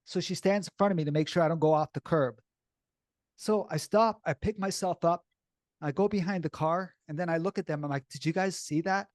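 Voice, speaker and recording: A man telling a personal story in a blunt, animated, casual way, swearing freely and sounding shaky and upset as he recalls it. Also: on the high side, brisk, no room sound, studio quality.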